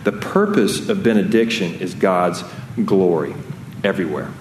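A man with a fairly low voice preaches to his congregation in an earnest, conversational way, stopping and restarting his sentences as he goes. The room is echoey and there is a faint hiss of noise underneath. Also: moderate pace, darkish tone. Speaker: pastor. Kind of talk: sermon.

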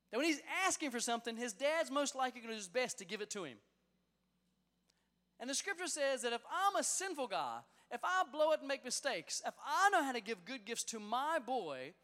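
A youth pastor in his thirties preaches with excitement, his pitch leaping high and low as he tells stories. His high, animated voice rings out in a large hall with long reverb. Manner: lively, storytelling, excited. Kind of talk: sermon.

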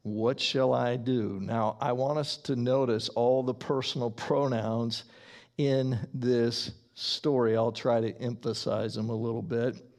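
A man preaching a sermon, slow and emphatic, with deliberate pauses between phrases. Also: medium pitch, steady tone, a little mellow. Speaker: pastor.

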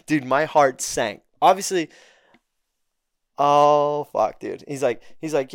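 This podcast guest, a young man, has a fairly high voice and talks slowly as he tells a casual story. He curses a lot and brings the quoted people to life by animatedly doing their voices. The recording is studio quality, without room sound.

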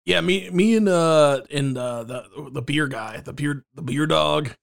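Halting, rambling male podcast co-host in improv, slightly high pitch. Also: vocal fry. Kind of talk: improvised comedy chat.

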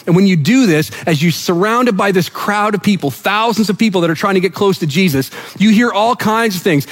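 A man's voice: high-pitched, moderate pace, few pauses. A man from New Brunswick, Canada, preaching a sermon as pastor, telling the story vividly and acting out the quotes. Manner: animated storytelling preacher, acts out quotes, drops to soft emphasis.

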